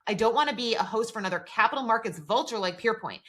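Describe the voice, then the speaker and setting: A woman's voice: a little high, lively intonation, fast talker, a bit bright. A woman co-hosting a podcast in casual chat, retelling scenes and reading out dialogue, with lots of "like" fillers. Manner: frequent "like" fillers. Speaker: podcast co-host.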